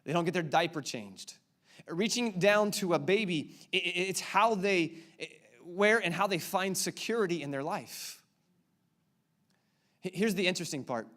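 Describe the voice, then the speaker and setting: A man's voice: high voice, lively intonation, moderate pace, a bit bright. Playful pastor man preaching a sermon. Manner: playful, quizzes the audience with repeated questions. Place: church auditorium before a congregation.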